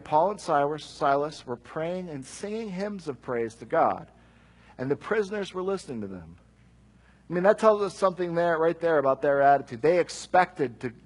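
Guy preaching, reads scripture then riffs casually, kinda breathy high voice. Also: rough recording. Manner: conversational, animated asides with quick jokes. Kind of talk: sermon reading and explaining scripture.

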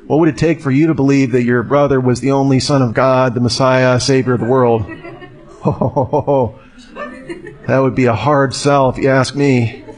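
A man's voice: medium pitch, fairly even intonation, moderate pace, a little mellow. Conversational man telling a story. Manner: conversational, storytelling, rhetorical questions. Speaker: speaker. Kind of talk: talk to a live audience.

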